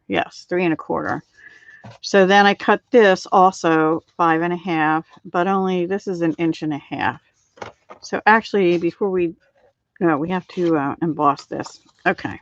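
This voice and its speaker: A middle-aged woman demonstrating card making on a casual live stream, chatting with viewers by name and filling pauses with ums and little laughs. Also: lowish voice. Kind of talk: casual live craft tutorial. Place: home craft room. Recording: dull lo-fi live stream audio.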